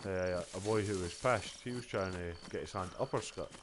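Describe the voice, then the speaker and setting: A man's voice: low voice, moderate pace, background noise. A Scottish man streaming a game, telling stories in casual, sweary, rambling chat. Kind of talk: casual chat while gaming.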